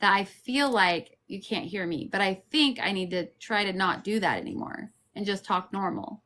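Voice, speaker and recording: A woman hosting a casual group livestream, talking loudly and joking, her phone set far back. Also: mid-range voice, lively intonation, moderate pace, a little hiss or hum. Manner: loud-talking, jokey. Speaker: livestream host.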